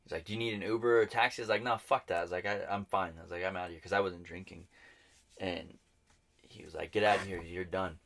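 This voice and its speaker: A man's voice: sits low, fast, gravelly. A man co-hosting a podcast, telling a bar fight story in casual chat, swearing and acting out what people said. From New Mexico, US. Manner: animated, swearing, acts out quotes. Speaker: podcast co-host.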